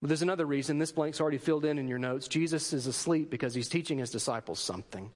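A man's voice: a little high, fast talker, long reverb tail. A man preaching a sermon in a conversational way, asking rhetorical questions and adding joking asides. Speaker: pastor.

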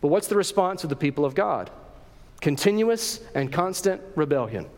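A pastor preaches in a conversational way, asking his congregation questions as he goes. His voice sits high for a man. The sound carries the long reverb of a church hall. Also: very animated, moderate pace. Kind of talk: sermon. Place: church sanctuary.

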